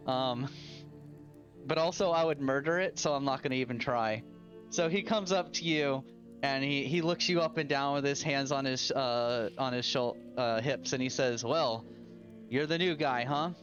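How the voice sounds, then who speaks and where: Man, game master narrating, slow pace, lo-fi sound, faint music behind. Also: medium pitch, a bit bright. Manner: unhurried, with many fillers and restarts.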